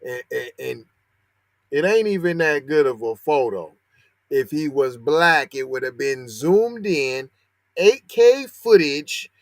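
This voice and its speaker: Male podcast host, slangy sarcastic commentary, slow delivery, dead-dry mic. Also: fairly high pitch, lively intonation, dry recording. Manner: sarcastic, rising to heated outrage; slangy, talks back to the article he reads. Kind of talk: commentary on a news story.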